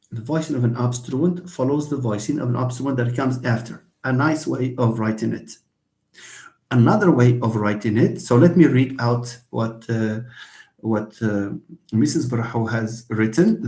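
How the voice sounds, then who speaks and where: A man's voice: mid-range voice, a little mellow. A man giving a university linguistics lecture, hesitant, with many fillers and restarts. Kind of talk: lecture reviewing phonology. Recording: echoey room.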